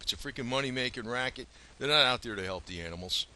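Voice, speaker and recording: A man vents into his camera in an angry, rambling home vlog, swearing as he goes. His voice is very bright and cutting, at a middle pitch for a man. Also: fast talker, hardly any pauses. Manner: profane, heated, rambling rant. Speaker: vlogger.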